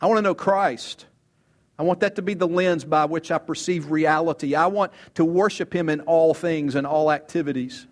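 A man's voice: a little high, fairly even intonation, normal speed. A man preaching an expository sermon with emphatic delivery, repeating words and rising sharply on quoted lines. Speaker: pastor.

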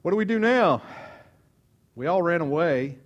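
A man voicing an impulsive fisherman apostle who pleads and protests loudly in a raised voice. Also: big pitch swings, brisk, slightly rough, lo-fi sound, heavily acted. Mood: distressed. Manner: pleading, rising to loud high protests.

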